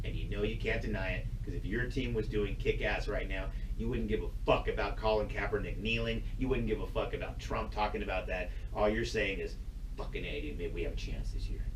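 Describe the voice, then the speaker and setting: A man's voice: fairly low pitch, recorded from a distance, slight background noise. A man hosting his own video channel, ranting bluntly and profanely in a rambling, casual way with frequent laughs. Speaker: YouTube channel host. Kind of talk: casual rant to camera. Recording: roomy sound, voice away from the mic.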